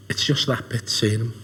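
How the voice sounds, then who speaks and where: A man giving a halting, emotional documentary interview as a witness. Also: medium pitch, sharp tone, a little hiss or hum. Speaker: witness, friend of the family.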